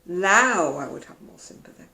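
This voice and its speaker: A woman talks in a casual home vlog, chatty and wry, her voice gravelly with fry. The room around her is roomy and echoey. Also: on the low side, animated, normal speed, pushed and bright. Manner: chatty, wry, mimics other people's voices. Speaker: vlogger. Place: at home, indoors.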